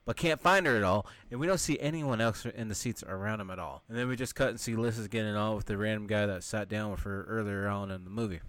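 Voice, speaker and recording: A man hosting a podcast, casually retelling a film scene by scene with wry asides and quick character voices. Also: on the low side, fairly bright tone, no room sound. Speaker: podcast host reviewing a film.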